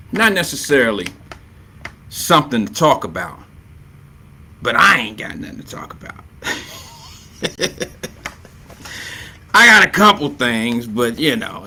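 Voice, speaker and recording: Guy hosting a chill live stream, bright voice, playful, keeps repeating his catchphrases, reads out viewer comments. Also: lowish voice, a little hiss or hum. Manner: loose and playful, repeats catchphrases, chuckles often. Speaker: host of a live stream talk show. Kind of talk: casual live chat reading viewer comments.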